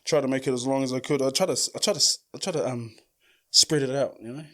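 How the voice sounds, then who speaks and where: A man with a New Zealand accent telling a story casually as a podcast host, full of slang and swearing, who acts out the quoted lines loudly. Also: mid-range voice, fast talker.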